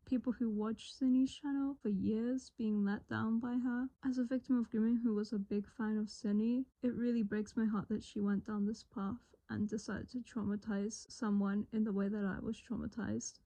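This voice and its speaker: A woman talks through an online commentary video in a serious, earnest tone that stays mostly flat. Her voice sits a bit high but sounds mellow and warm. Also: rough recording. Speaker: commentary channel host.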